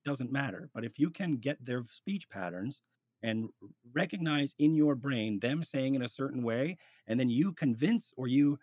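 A man in casual podcast chat giving roleplay advice, rambling and animated, with frequent restarts. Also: mid-range voice, moderate pace, no echo.

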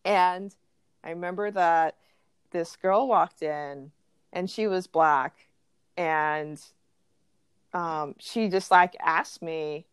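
A woman's voice: lowish voice, takes it slowly, pauses often, clean tone, dry recording. A young woman from the Los Angeles area, co-hosting a podcast and telling stories in a casual chat with lots of fillers and restarts. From greater Los Angeles area. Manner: chatty storytelling, many fillers and restarts. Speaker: podcast co-host.

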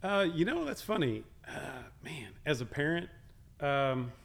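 A middle-aged man in casual conversation, telling a long story with many restarts and soft, trailing asides. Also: on the high side, very animated, measured pace, vocal fry. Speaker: guest talking about hunting with his daughters.

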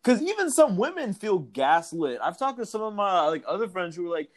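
A man's voice: high voice, sing-song, brisk, few pauses. A young man co-hosting a podcast, chatting candidly and profanely, laughing often. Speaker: podcast co-host. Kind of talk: casual chat.

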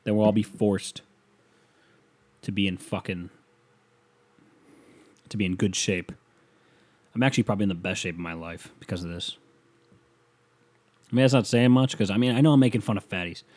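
A man's voice: fairly low pitch, moderate pace, pauses often, a little mellow. A man delivering a profane, sarcastic comedic rant as a solo monologue.

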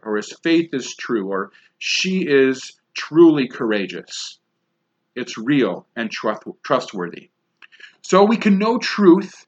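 A pastor preaching a sermon, stressing key words by repeating them, with emphatic phrasing. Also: male voice, medium pitch, sing-song, slow pace. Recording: dull lo-fi sound.

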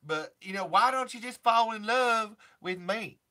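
A man's voice: high voice, measured pace, bright, forceful tone. A man putting on a tough country-singer woman, a hard-working single mom, with a twangy, sassy and bossy way of talking. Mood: flirty.

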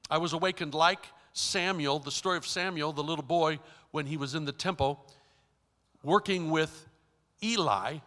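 A man preaching a storytelling sermon, emphatic, with dramatic swings between soft and loud. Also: high voice. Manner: emphatic, dramatic shifts in loudness. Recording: long reverb of a large hall.

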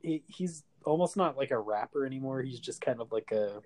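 A man's voice: mid-range voice, animated, a little fast, a little mellow, a little hiss or hum. Sarcastic male podcast co-host. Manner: sarcastic, jokey. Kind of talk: casual podcast chat.

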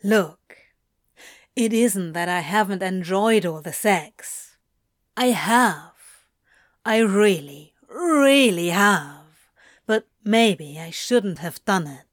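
A woman reading aloud and voicing a worn-out, anguished male demon who curses and speaks louder and rawer than her narration. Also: mid-range voice, lively intonation, extremely slow, no echo, studio quality. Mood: exasperated. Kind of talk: audiobook reading of fan fiction.

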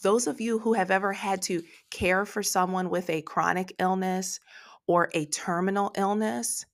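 A woman's voice: medium pitch, steady tone, moderate pace. A woman preaching a devotional podcast sermon, emotional and tearful, praying aloud between her points.

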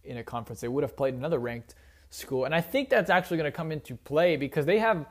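Young guy with a slightly high voice riffing on football picks, opinionated, rambly, lots of uh's. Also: fast talker. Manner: opinionated, rambling, frequent fillers. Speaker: sports commentator. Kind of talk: casual solo sports talk.

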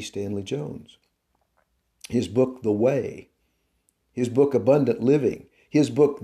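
Guy teaching faith stuff real slow, deep dark voice, leans hard on key words. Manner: slow, deliberate, emphatic preaching cadence. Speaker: podcast host and Christian teacher. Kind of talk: devotional teaching talk.

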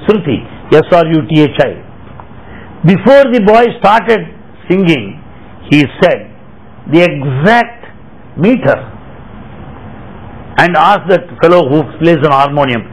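A man's voice: high-pitched, moderate pace, creaky, pauses often, breathy edge, low-quality recording. An older man, giving a devotional talk and acting out the dialogue in his anecdotes. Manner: animated storytelling, acting out dialogue. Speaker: spiritual speaker.

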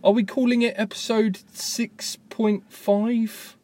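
A man's voice: high-pitched, little pitch movement, slow pace, darkish tone, slight background noise. A man hosting a podcast from a parked car, talking in a rambling, self-mocking way. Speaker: podcast host. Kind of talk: casual podcast chat. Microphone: tablet voice memo app.

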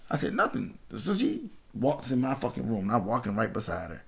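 With a medium-pitched voice marked by vocal fry, this man speaks fairly quickly. He's a Washington, D.C. podcast host in his thirties, casually telling a story full of profanity and laughter while playing the characters in it.

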